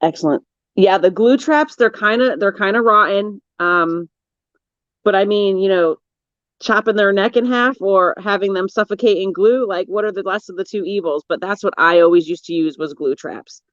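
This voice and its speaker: A co-host in a casual chat, relaxed, giving practical household tips with frequent short agreements. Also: medium pitch, moderate pace, no room sound, highs cut off.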